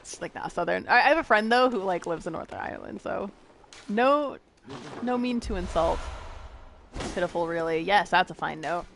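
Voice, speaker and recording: A woman's voice: medium pitch, animated, moderate pace, gravelly, fairly bright tone, slight background noise. A young American woman streaming a game, chatting casually with viewers in a giggly, rambling way. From United States. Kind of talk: casual gameplay chat with viewers.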